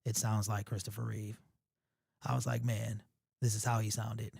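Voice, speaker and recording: A man with a hoarse, sore-throated voice, hosting a casual sports livestream and chatting loosely with viewers. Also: fairly low pitch, flat delivery, moderate pace, a little mellow, dry recording, clean studio sound. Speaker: sports show host.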